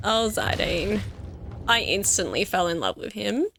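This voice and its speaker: A woman in her thirties with an Australian accent, giving gushing, excitable commentary on a game she loves. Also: medium pitch, a little hiss or hum. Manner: excitable and gushing, laughs often. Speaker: let's play gamer. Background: faint game music.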